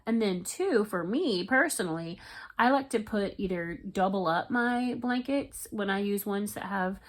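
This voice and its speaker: A woman, a crochet vlogger rambling excitedly in casual chat to her viewers. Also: mid-range voice, unhurried. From Florida, US.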